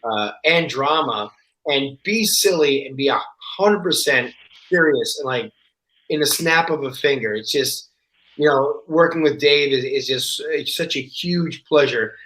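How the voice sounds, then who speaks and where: A man talking as a podcast guest in casual chat, telling stories in an animated way and acting out the voices of the people in them. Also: medium pitch, measured pace. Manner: animated storyteller, acts out quoted voices. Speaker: guest actor. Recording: roomy echo.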